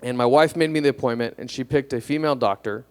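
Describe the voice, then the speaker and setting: A young man doing a stand-up comedy set on a club stage, deadpan and self-deprecating, hesitant with fillers. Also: mid-range voice, fast, clear, resonant tone.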